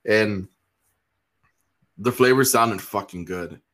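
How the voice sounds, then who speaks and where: A man's voice: fairly low pitch, takes it slowly, a bit bright. A man in casual chat who swears a lot, laughs often and acts out the people in his stories.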